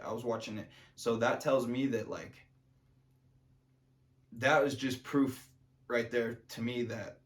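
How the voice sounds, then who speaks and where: A man's voice: medium pitch, slow pace, pauses often. Rambling young-sounding man vlogging. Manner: rambling, many fillers and restarts. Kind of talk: rambling casual monologue.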